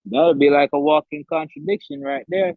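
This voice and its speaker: A man co-hosting a casual chat, telling stories in an animated way with slang. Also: on the high side, fairly quick, gravelly, no room sound. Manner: animated storytelling with laughs. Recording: dull, dry close mic.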